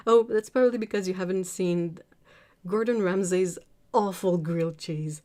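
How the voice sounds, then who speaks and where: A British woman with a mid-range, warm voice speaks a little slowly while hosting a casual art livestream. She reads viewer comments aloud, chats, and laughs often.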